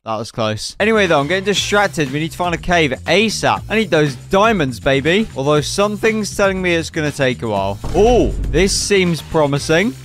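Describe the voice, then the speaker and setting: An excitable man talks through his own game run, joking with the creatures and villagers he meets. His voice sits a little higher than most men's. Soft background music plays faintly underneath. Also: normal speed, hardly any pauses. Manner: chatty, excitable, jokey asides to the game. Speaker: gaming YouTuber. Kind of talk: playful gameplay commentary.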